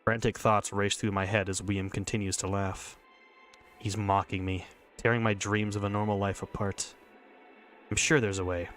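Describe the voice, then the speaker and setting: A man's voice: fairly low pitch, flat delivery, normal speed, a bit bright, faint music behind, lightly acted. Man reading as Michelle, furious stubborn girl. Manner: intense inner monologue. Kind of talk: visual novel reading.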